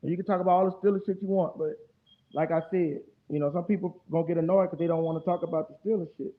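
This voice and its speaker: A man's voice: on the high side, fairly even intonation, very fast. A man from New Orleans with a New Orleans accent, hosting a casual live stream and talking in a profane, rambling, heated way. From New Orleans, Louisiana. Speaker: streamer host. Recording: tinny phone-like audio.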